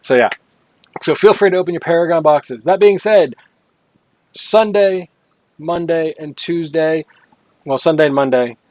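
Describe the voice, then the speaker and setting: A man's voice: a little high, a little mellow, no echo, low-quality recording. Casual rambling male podcast host. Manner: rambling, self-correcting, jokey asides. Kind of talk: casual gaming podcast chat.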